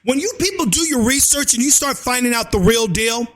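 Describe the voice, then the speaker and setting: A man vlogging a fiery, crude political rant, often shouting and tacking "and so forth" onto his lines. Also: very high voice, lively intonation, brisk. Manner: crude slang and cursing. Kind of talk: ranting political commentary.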